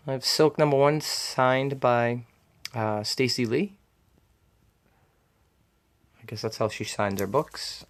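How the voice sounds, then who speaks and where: A man with a Boston accent talks through his collection in a relaxed show-and-tell vlog. He rambles freely, filling pauses with ums and uhs and laughing easily. His voice sits at an everyday middle pitch. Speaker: comic collector showing his haul.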